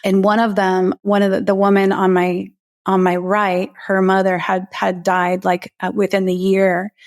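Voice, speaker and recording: This is a woman sharing a personal story in a podcast interview. Her voice sits at a middle pitch. She talks openly and emotionally and often doubles back mid-sentence. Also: monotone, moderate pace. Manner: heartfelt, emotional, many restarts. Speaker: guest, breathwork facilitator.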